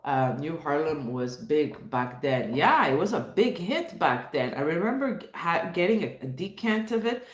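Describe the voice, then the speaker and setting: A woman's voice: sits low, very animated, moderate pace, hardly any pauses. Chatty woman from Montreal, echoey room. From Montreal, Canada. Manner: chatty, reads chat, greets viewers warmly by name. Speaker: livestream host. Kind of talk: casual live-stream chat.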